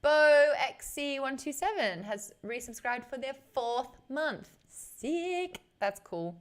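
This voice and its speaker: A woman's voice: high-pitched, lively intonation. Bubbly young Australian woman streamer. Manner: chatty, bubbly, quick to laugh. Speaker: live streamer. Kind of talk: casual live-stream chat, reading viewer comments aloud.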